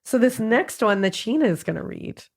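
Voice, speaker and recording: A woman's voice: a little high, very animated, moderate pace, loud music behind the voice. A woman hosting a podcast in casual, playful chat, laughing often and trying out accents. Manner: giggly, playful, tries out accents. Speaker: podcast host.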